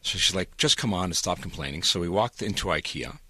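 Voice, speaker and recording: A man's voice: animated, a little fast, bright, forceful tone, breathy edge, no room sound, studio quality. A Canadian man co-hosting a morning radio show, telling a comic story with exasperation and acting out the quoted lines. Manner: exasperated, comic, acts out quoted dialogue with big pitch jumps.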